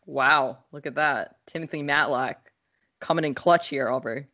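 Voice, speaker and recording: A woman's voice: sits low, moderate pace, pushed and bright, dull audio. A young adult woman co-hosting a podcast, joking around and slipping into playful announcer-style bits. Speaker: podcast co-host. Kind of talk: casual podcast chat.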